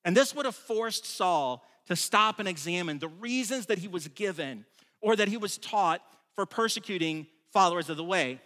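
A man preaches in a high, bright, forceful voice, keeping it relaxed and conversational while he stresses key points. He often stumbles into restarts. His voice carries a long reverb from the large room he speaks in. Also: moderate pace. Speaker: pastor. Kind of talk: sermon.

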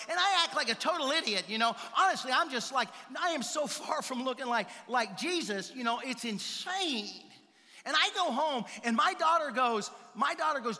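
A male pastor telling a personal story in a sermon, animated, swinging between loud outbursts and hushed quiet passages. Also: very high-pitched, normal speed, in a large hall.

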